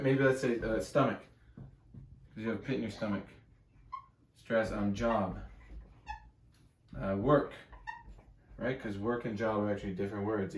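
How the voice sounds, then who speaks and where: This man, a self-help coach, has a lowish voice with a roomy sound. He teaches casually to camera in a room with a whiteboard, conversational and emphatic, frequently checking in with the listener.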